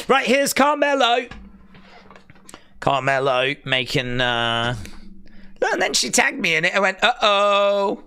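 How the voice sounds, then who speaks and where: A man's voice: high-pitched, wildly swooping pitch, slow pace, long pauses, pushed and bright, smooth. A man streaming a watch-along, chatting casually and sarcastically while reading chat aloud. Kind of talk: casual live reaction chat.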